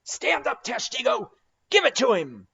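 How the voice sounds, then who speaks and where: A man voicing an excitable, pipe-smoking male whaleboat mate who shouts orders to his rowing crew. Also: extremely high pitch, measured pace, vocal fry, breathy edge, muffled recording, voice pushed up, full character voice. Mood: shouting.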